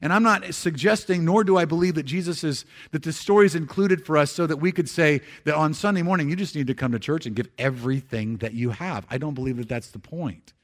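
A man giving a conversational sermon in church, slowing for scripture and dropping soft for emphasis, with frequent restarts. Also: a little high. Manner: repeats words and restarts phrases. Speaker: pastor.

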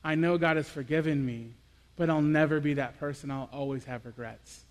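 A young man with a high, light voice delivers a personal, confessional sermon at normal speed. He is earnest, moving between hushed reflection and animated storytelling. A long reverb follows his voice, as though he's in a large hall.

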